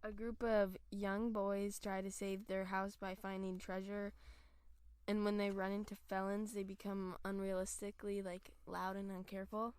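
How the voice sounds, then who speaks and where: A teenage girl co-hosts a movie podcast, giving short, blunt answers and dry remarks. Her voice sits mid pitch, and the recording is close and dry. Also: flat delivery, normal speed, a little mellow, smooth, dry recording. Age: teens. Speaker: podcast co-host. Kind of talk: casual movie review chat.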